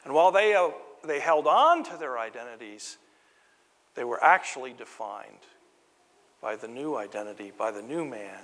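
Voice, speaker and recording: A man's voice: mid-range voice, a bit bright, big-room sound. An American man preaching a sermon, earnest and building emphasis on key phrases, mixing in light stories. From United States. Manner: storytelling asides with light humor.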